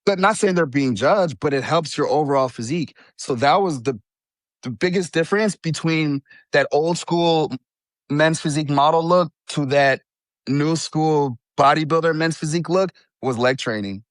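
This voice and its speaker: A man in his thirties, a bodybuilding champion talking casually as a guest in an interview, easygoing and quick to laugh. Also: fairly high pitch, no echo. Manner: relaxed, laughs easily, says bro and you know.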